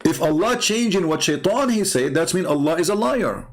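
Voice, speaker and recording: A man's voice: on the high side, expressive, moderate pace. A man hosting a livestream, arguing a point with rhetorical questions and plenty of hesitation. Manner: argumentative, repeats rhetorical questions, frequent filler. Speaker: online show host. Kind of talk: livestream commentary on religious texts.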